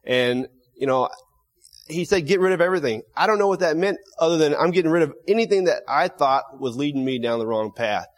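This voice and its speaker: A man giving an emotional personal testimony in an earnest, halting way, often restarting his sentences. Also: on the high side, animated. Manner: earnest, halting storytelling with many restarts and fillers.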